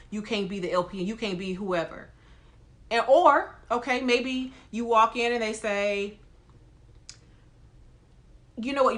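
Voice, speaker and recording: A woman who works as a nurse, talking straight to her viewers in an emphatic, lively way. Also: medium pitch. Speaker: nurse and video host. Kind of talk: casual talk to camera.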